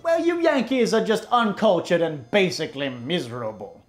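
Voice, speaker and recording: A man playing a pompous, bigoted old-fashioned gentleman in a comedy sketch, preaching in mock-archaic language. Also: sits high, lively intonation, moderate pace. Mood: smug. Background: music.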